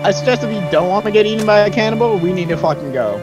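A man's voice: sits high, animated, racing, music in the background. A young man doing co-op game commentary, blunt and teasing, swearing now and then. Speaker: gamer.

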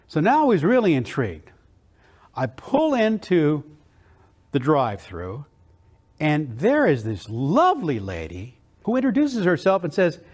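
Enthusiastic man giving a lively keynote. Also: on the high side, a little slow. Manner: dynamic, enthusiastic, with playful quoted voices. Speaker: motivational keynote speaker. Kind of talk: motivational storytelling speech.

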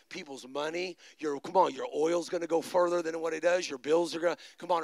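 A man preaching a charismatic sermon, swinging between loud exhortation and low, quick storytelling. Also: vocal fry, no room sound.

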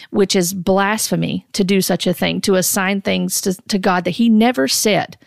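A woman giving earnest, measured Christian commentary, often restarting her sentences as she goes. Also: mid-range voice, gravelly, no room sound, clean studio sound.

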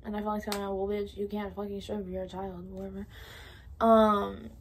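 A woman's voice: mid-range voice, little pitch movement, brisk, slightly rough. A woman in her late teens from California telling a casual, profane storytime, full of fillers and whispered asides. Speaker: vlogger. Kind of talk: storytime vlog.

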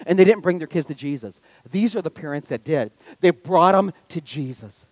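A male pastor with a high voice preaches with big energy, one moment rousing the room and the next dropping to a hushed, tender appeal. The sound is close and dry, with almost no room echo. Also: normal speed. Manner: energetic, swings from loud exhortation to hushed intimacy. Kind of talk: sermon. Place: church sanctuary.

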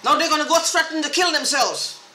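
A woman's voice: sits high, animated, a little fast, bright, forceful tone, roomy sound, slight background noise. A woman in an angry, profane, repetitive rant, talking straight to the camera. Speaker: vlogger. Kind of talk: agitated monologue to camera.

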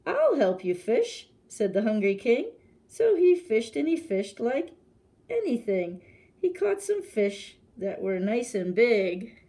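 A woman librarian reading a picture book aloud to children in a gentle, animated storytelling manner. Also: fairly high pitch, slow.

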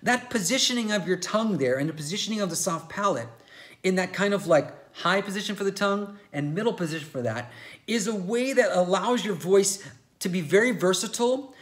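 A man's voice: high voice, animated, brisk. A man giving a singing lesson, explaining technique step by step and checking in with the viewer often. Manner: demonstrates by singing show tunes. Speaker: voice teacher.

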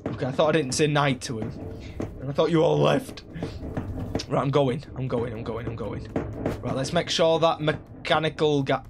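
Excitable male gaming streamer, rather high. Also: normal speed, over music. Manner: excitable, breaks into high shouts. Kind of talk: live gameplay commentary. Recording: steady background noise.

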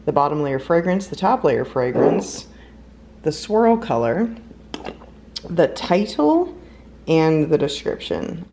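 A woman's voice: sits low, big pitch swings, takes it slowly, creaky, long pauses, warm tone, slight background noise. A woman from the United States chatting casually at home in a playful, giggly vlog, sometimes slipping into a silly voice. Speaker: vlogger.

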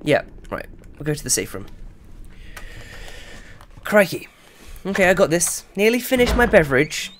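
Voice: medium pitch, big pitch swings, normal speed, long pauses, a little hiss or hum. A game streamer giving live gameplay commentary, chatting to viewers and yelping when startled. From England. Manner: chatty, talks to the chat, yelps and shouts when startled.

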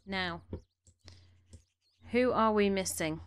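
Speaking slowly at a medium pitch, a woman with a clear, resonant voice gives laid-back gameplay commentary from a room at home. She chats as she plays, ordering her game characters around, and sounds a little snuffly from allergies.

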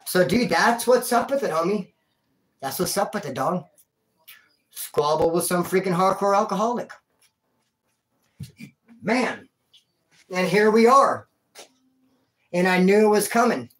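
A man's voice: sits high, animated, unhurried, pauses often, a bit bright. A man telling a rambling personal story in a casual, slangy way, calling the listener dude and bro. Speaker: vlogger telling a prison and life story.

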